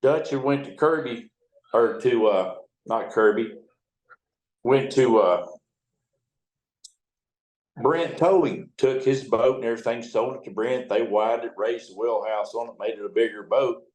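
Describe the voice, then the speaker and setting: A man's voice: mid-range voice, a little slow, long pauses, darkish tone, echoey room, rough recording. A man in his seventies, a towboat captain, telling folksy, profane stories in an interview. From United States. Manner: folksy, profane yarn-spinning. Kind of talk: storytelling interview.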